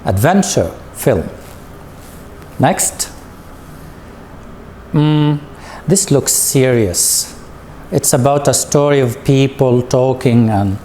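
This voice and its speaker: A man's voice: medium pitch, mellow, a little hiss or hum. A man teaching an English lesson to students, speaking patiently and asking them questions. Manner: patient, drawn-out, leads with questions. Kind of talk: slow recorded classroom lesson.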